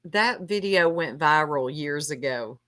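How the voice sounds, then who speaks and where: A woman's voice: sits low, lively intonation, slow, sharp tone. A woman hosting a casual gossip chat, laughing often and reading chat names aloud. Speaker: stream host.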